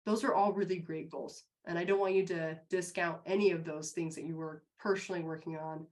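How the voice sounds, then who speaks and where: A woman's voice: fairly even intonation, a little fast, darkish tone. A woman co-hosting a live business show, giving an upbeat, encouraging motivational talk to an online audience. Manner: upbeat and encouraging, bursts high acting out quotes.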